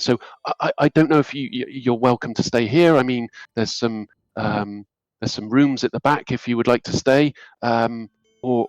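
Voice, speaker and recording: A man's voice: mid-range voice, no echo, muffled recording, close to an everyday voice. A man voicing a nervous young male temple servant who stammers and apologizes constantly.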